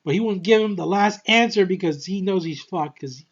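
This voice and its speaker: Breathless excited man reviewing a film. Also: sits high, normal speed, highs cut off. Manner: excitable, rambling, swears freely, restarts often. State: short of breath. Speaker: movie reviewer. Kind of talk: casual movie review monologue.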